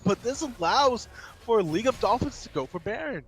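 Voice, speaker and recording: Guy calling an esports match, pretty high voice, quickens in the fights. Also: very animated. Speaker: esports caster. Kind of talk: play-by-play commentary.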